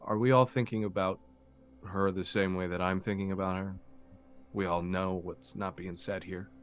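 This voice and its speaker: A man with a fairly low voice plays his character at a tabletop game, earnest and gentle as he thinks aloud. Soft music runs in the background. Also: fairly even intonation, normal speed. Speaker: player. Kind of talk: in-character tabletop role-play.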